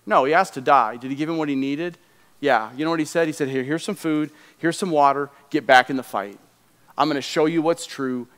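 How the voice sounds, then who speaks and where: Pastor guy preaching, chatty and lively, bit of a higher voice, big echoey church sound. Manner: animated, conversational preaching that drops to a hushed prayer. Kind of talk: sermon. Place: church sanctuary. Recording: long hall reverb.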